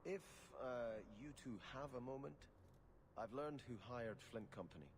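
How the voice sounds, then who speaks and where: A man's voice: medium pitch, lively intonation, normal speed, lightly acted. An actor playing a formal, earnest young nobleman archer in a fantasy video game, speaking courteously. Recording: game audio with clear background noise.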